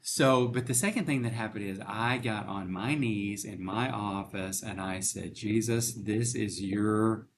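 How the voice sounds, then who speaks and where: A man's voice: on the low side, normal speed, few pauses, a little hiss or hum. A middle-aged man, a bank CEO, earnestly telling a personal faith story in an interview and acting out the dialogue. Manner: earnest storytelling, emotional, acts out quoted dialogue. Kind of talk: conversational testimony in an interview.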